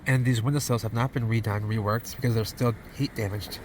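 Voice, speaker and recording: A man's voice: mid-range voice, steady tone, a little fast, noisy background. Guy rambling on a walking vlog outside, folksy, keeps repeating himself, handheld cam. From Minnesota. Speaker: vlogger exploring old buildings. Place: outdoors by old mill buildings in winter.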